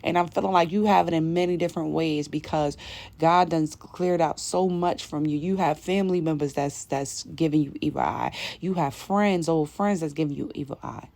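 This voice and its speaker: A woman's voice: low voice, moderate pace, vocal fry, darkish tone, dry recording. A woman delivering an intuitive spiritual message to her viewers, in emphatic, casual, slangy talk that repeats its points. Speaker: spiritual reader.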